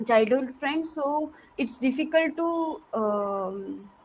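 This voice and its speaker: A woman learning English, speaking haltingly with many fillers and restarts in a casual conversation. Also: high voice, lively intonation, slight background noise, low-quality recording.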